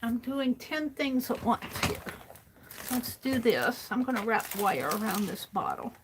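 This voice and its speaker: A very animated woman with a slightly high voice hosts a casual crafting livestream over a noisy background. Unhurried, she mutters to herself as she works and now and then drifts from the mic.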